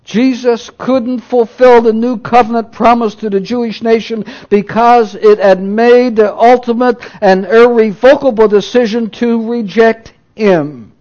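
A man preaching a sermon, moving between loud emphatic declarations and hushed low asides. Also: steady tone, a little slow, few pauses, lo-fi sound.

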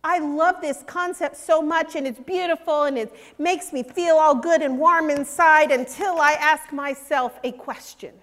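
Older female preacher, slow and earnest, hushed on key points, in a big reverberant hall. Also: high-pitched. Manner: earnest and emphatic, dropping to a hush on key points. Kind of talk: sermon.

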